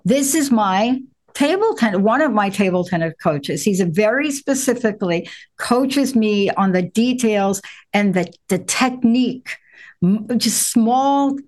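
A woman hosting a talk show, animated and laughing easily, telling stories with drawn-out emphasis. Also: medium pitch. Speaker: show host. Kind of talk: conversational show interview.

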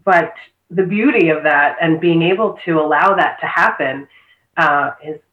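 A woman's voice: low-pitched, moderate pace. A woman in casual conversation, a body therapy practitioner who talks earnestly and agrees often, with many fillers. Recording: tinny phone-like line in echoey room.

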